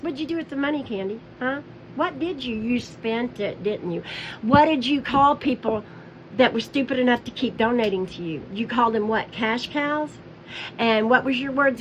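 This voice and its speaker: A woman's voice: high-pitched, normal speed, highs cut off, slight background noise. A woman calling someone out in a confrontational, scolding commentary aimed straight at the person she accuses. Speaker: commentary vlogger. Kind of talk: angry call-out commentary.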